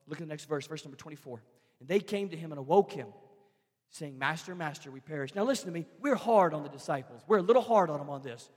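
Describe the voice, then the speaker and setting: Male pastor, high voice, fervent sermon that swings from shouts to hushed pleas, big reverberant hall.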